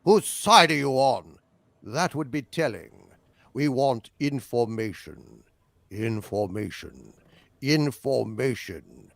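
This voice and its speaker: A man doing an impression of a British spy and his interrogator from an old television series, with slow, clipped delivery. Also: mid-range voice, lively intonation, creaky, fairly bright tone, dry recording, pitched below the performer's own voice, heavily acted. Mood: tense. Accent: British English impression. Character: British spy and his cold interrogator, middle-aged men.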